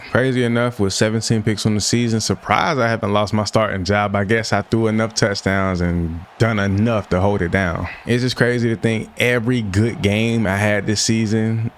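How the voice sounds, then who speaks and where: A young man giving casual, slangy gameplay commentary, often frustrated as he plays. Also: on the low side. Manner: frustrated, slangy, self-talk while playing. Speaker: gaming YouTuber.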